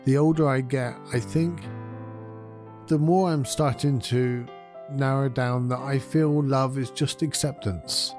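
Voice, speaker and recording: A man hosting his own podcast, talking in a gentle, candid way and thinking aloud. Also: mid-range voice, fairly even intonation, measured pace, over music. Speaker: podcast host. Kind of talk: reflective solo podcast talk.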